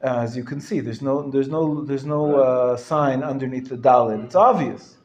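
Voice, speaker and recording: A male rabbi teaching a live class, explaining patiently and sounding words out slowly, often clearing his throat and chuckling. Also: medium pitch, a little mellow, highs cut off. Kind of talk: live classroom lesson on Hebrew reading. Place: lecture room. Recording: roomy echo from a live class.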